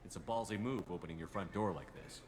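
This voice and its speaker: A man's voice: low voice, fast, a little hiss or hum, natural voice. An actor playing a blunt male commander in a video game, speaking in a dry, direct way.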